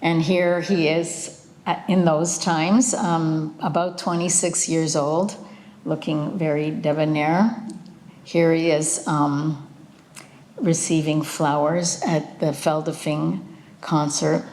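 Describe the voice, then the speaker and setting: An older woman, a cellist and guest speaker, telling a personal story with slides at a remembrance event, unhurried and earnest with occasional fillers. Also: deep voice, level tone, darkish tone, a little hiss or hum. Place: event venue.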